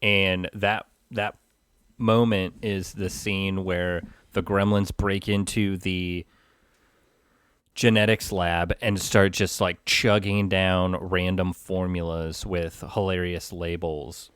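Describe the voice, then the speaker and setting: A man co-hosting a podcast, talking casually about a movie with wry, deadpan asides. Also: deep voice, slow, smooth, dry recording. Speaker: podcast co-host.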